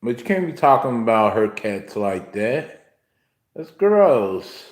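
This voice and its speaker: Young guy on a livestream, talks slow, scolds chat over and over, roomy echo. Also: fairly low pitch, animated. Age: young adult. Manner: indignant, repetitive questioning of a viewer. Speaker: livestream host. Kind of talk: livestream chat reading viewer messages.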